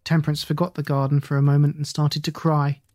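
Dry, measured audiobook narrator. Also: mid-range voice, no echo. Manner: measured and even storytelling.

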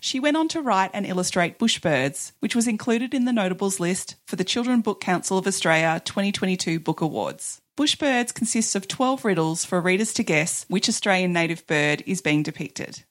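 A woman's voice: medium pitch, expressive, normal speed, hardly any pauses. Woman host reading scripted introductions. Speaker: podcast host. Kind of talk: scripted narration.

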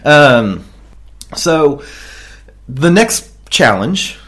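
An Australian man co-hosting a casual podcast rambles through a crude story, laughing at his own jokes. His fairly bright, slightly high voice is sing-song with drawn-out words, picked up by a desk microphone.

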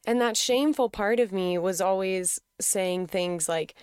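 A woman's voice: mid-range voice, measured pace, clean tone, no echo, studio quality. A young adult woman telling a personal story in a frank, casual way, swearing freely and laughing often.

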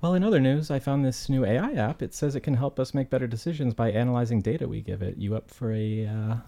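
A man's voice: medium pitch, fast talker, mellow, lightly acted. Trendy tech-keen young wife, casual playful read, done by a man. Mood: coaxing. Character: trendy woman in her thirties, eager about tech.

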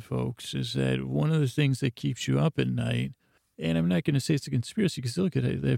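A man hosting a podcast, telling a meandering, stammering bedtime story in a gravelly voice. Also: mid-range voice, warm tone, no echo, clean studio sound. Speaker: podcast host.

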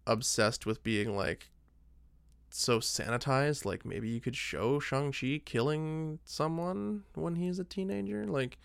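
A man's voice: fairly high pitch, slow, gravelly, clear, resonant tone, no echo. A man co-hosting a podcast, chatting casually about movies and rambling with lots of filler words. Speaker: podcast co-host.

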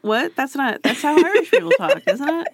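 A woman's voice: high voice, huge pitch swings, no echo. A woman co-hosting a casual podcast chat, joking around and playing off her partner. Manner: jokey, playful, quick with gags. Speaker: podcast co-host.

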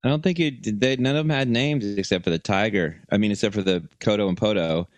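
A man's voice: lowish voice, fast talker, no echo. A man co-hosting a comedy podcast, ranting and joking in boisterous casual chat. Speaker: podcast co-host.

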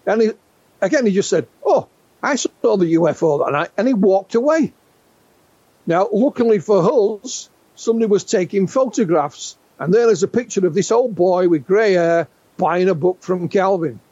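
A man's voice: high voice, normal speed, warm tone, dry recording. An Englishman in his sixties, a UFO researcher interviewed as a guest, telling stories animatedly with frequent restarts. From England. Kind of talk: conversational storytelling interview. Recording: dull lo-fi dry sound.

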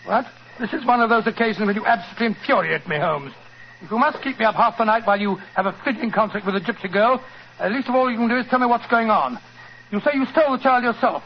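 Blustery victorian doctor sidekick, high voice, fusses and stammers, muffled hissy radio. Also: male voice, fast. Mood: exasperated. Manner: flustered, exasperated, stammering. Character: blustering, loyal Victorian male doctor companion. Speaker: doctor and narrator. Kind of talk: 1940s radio acting. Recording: dull, faintly hissy 1940s radio broadcast.

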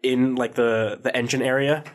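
A man's voice: medium pitch, level tone, normal speed, a crowd in the background. A man running a tabletop game as game master, narrating casually and rambling with lots of fillers.

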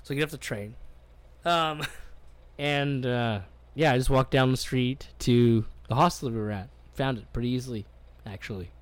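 A man's voice: mid-range voice, normal speed, no echo. Man from canada, casual podcast co-host, rambling profane storyteller. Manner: rambling, profane, acts out quoted voices.

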